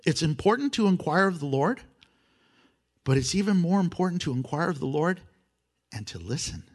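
High-voiced guy preaching, gets loud then goes all hushed, acts out little prayers and jokes. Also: moderate pace. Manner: animated, swings from loud emphasis to hushed intimacy. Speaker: pastor. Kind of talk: sermon.

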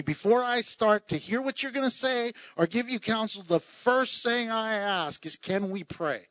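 A man with a high voice preaches a sermon, animated and quick to laugh, acting out the people he reads about. The sound is dry and close, with no room echo. The recording itself is dull and muffled. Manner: animated, laughing asides, acts out the people in the reading. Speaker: pastor.

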